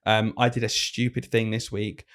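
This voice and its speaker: A man, a teacher, chatting on a podcast with animated, self-correcting storytelling. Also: on the low side, moderate pace, clear, resonant tone. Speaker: primary school teacher and podcast co-host. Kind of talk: casual podcast chat.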